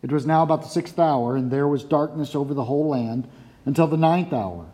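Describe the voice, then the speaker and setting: A man reading scripture aloud in a steady, even way. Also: on the high side, a little fast. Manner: steady, even reading with brief self-corrections. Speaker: scripture reader.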